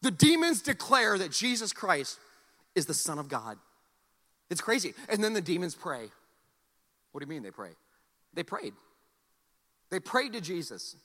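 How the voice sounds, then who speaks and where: A man's voice: sits high, big pitch swings, measured pace, pauses often, sharp tone, long reverb tail. A man preaching a sermon to a congregation. He talks in a conversational, joking way and often repeats words as he restarts his sentences. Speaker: pastor.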